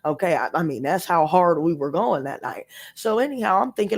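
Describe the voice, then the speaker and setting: A woman's voice: sits low, animated, fast, hardly any pauses, a little mellow. A woman telling a story to her live-stream audience in casual chat, emphatic and profane as she rants. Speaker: tarot reader live-streaming.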